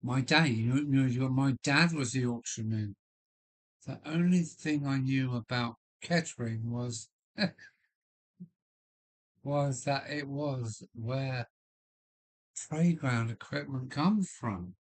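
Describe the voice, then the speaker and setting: An older man from Kent with a Kent accent, chatting casually and rambling on a livestream. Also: mid-range voice. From Kent, England. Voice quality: slow and rambling, with frequent restarts and fillers. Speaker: livestream host. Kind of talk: casual chat. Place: home loft.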